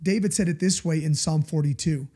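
Male pastor, conversational sermon; warm, mellow tone, emphatic and confessional. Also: fairly high pitch, brisk, husky. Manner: earnest, confessional, emphatic, often asks listeners "right?".

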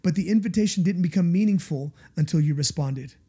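Warm, husky-voiced preaching man. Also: fairly high pitch, a little fast. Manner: earnest, confessional, emphatic, often asks listeners "right?". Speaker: pastor. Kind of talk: conversational sermon.

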